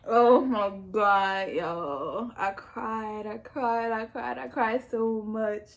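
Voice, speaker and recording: Young woman vlogger, casual storytime delivery, slightly high voice, lively and repetitive, loose with swearing. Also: slow pace, gravelly. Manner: animated, repetitive retelling with swearing. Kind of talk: casual storytime while eating.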